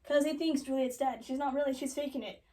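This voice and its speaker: A young woman casually retelling a classic love story as a joke, with sarcastic asides and quick quoted voices. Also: sits high, steady tone, mellow, recorded from a distance, poor audio. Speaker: comedic storyteller. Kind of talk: joking retelling of a classic play.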